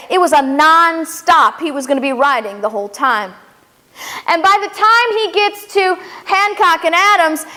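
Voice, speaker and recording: A woman with a high, bright-pitched voice delivers an emphatic history lecture and tells it like a story. Her words carry long reverb from the hall, and her delivery stays animated and insistent throughout. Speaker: speaker and educator. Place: lecture venue.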